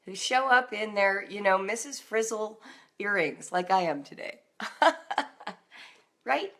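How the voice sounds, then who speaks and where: A middle-aged woman hosting a live stream for homeschooling parents, chatty and animated, who acts out little scenes in a playful voice. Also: medium pitch, takes it slowly. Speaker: homeschool writing coach and show host. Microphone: phone or webcam on a social media live stream.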